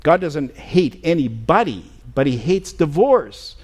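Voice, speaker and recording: A middle-aged man preaching a sermon as pastor in a church, earnest and halting, with many fillers and restarts. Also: on the high side, very animated. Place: church sanctuary.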